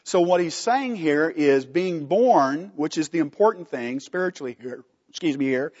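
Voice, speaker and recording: A man's voice: on the high side, animated, unhurried, in a large hall, lo-fi sound. A man teaching a Bible study from slides, emphatic, putting questions to the class and answering them himself.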